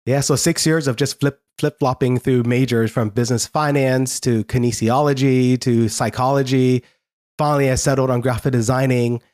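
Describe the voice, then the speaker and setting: As an interview guest, a man tells his life story earnestly but haltingly, frequently starting his sentences over. His voice is medium-pitched, steady, and somewhat dark.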